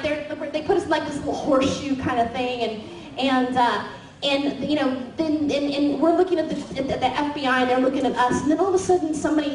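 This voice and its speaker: A woman comedian telling a comic story in an animated, giggly way, full of fillers and sound effects. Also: high voice, a little hiss or hum. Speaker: comedian guest. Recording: roomy far-off mic with crowd.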